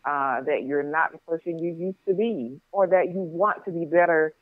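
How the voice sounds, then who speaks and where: A woman guest doctor speaking by phone, measured and earnest, with hesitating "uh"s. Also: low voice, dry recording. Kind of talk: interview answer. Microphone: phone call. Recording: tinny phone line.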